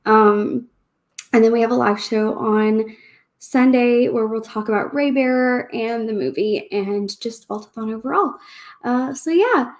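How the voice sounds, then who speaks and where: A woman hosts a relaxed reading livestream, chatting in a loose, rambling way and often breaking into laughs. Her voice sits a little high, and she takes her time over every sentence. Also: unhurried. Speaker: book channel host. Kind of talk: casual livestream chat.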